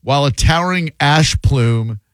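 A man's voice: a little high, moderate pace, clear, resonant tone, dry recording. A man hosting a radio show, chatting casually and riffing with sarcastic jokes. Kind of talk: casual comedic radio chat.

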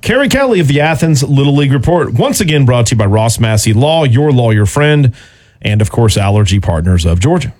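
A man's voice: mid-range voice, sing-song, a little fast, darkish tone. A man hosting a radio show, bantering in a jokey, upbeat way. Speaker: radio host. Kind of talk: casual radio talk.

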